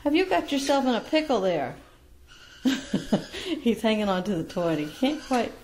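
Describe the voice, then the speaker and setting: A woman who breeds parrots, talking casually at home to viewers and cooing to her baby birds in a sing-song voice with soft laughs. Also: mid-range voice, expressive, unhurried, pauses often, slight background noise. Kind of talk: casual chat to camera and baby-talk to birds.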